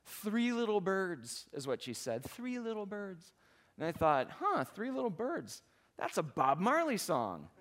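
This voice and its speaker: A male pastor preaching a sermon in a conversational storytelling way that rises to fervent emphasis. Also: mid-range voice.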